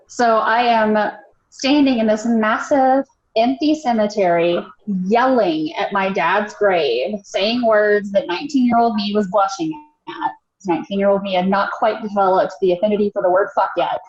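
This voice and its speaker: A woman's voice: mid-range voice, normal speed. A woman guest telling a personal story in a casual, candid way, full of fillers and acted-out quotes, on a roomy, dull-sounding recording. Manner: candid, chatty, many fillers, acts out quotes. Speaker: podcast guest.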